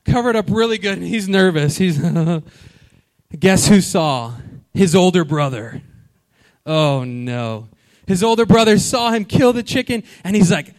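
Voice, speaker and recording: A man preaching a sermon, telling a story with animated delivery and questions to the congregation. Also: high-pitched, measured pace. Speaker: pastor.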